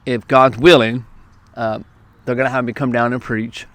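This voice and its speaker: A man from California, a youth preacher, telling a story to camera outdoors at a park, lively and quick, acting out what others said. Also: mid-range voice, no room sound. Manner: lively, quick bursts, acts out quoted lines.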